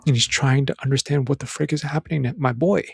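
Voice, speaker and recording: Husky, earnest man talking film. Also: mid-range voice, steady tone, quick pace, no echo, studio quality. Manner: earnest and emphatic, with many restarts. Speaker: film commentator. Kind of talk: casual film commentary monologue.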